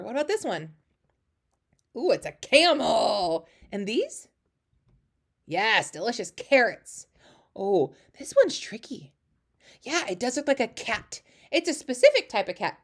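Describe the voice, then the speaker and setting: A woman teaching a phonics lesson to young children, warmly encouraging with lots of praise. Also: on the high side. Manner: encouraging, lively, sing-song praise.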